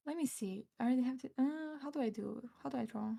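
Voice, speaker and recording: A woman's voice: high-pitched, fast talker, gravelly, mellow. A woman streamer chatting casually while drawing, giggly and easily startled, with the odd swear.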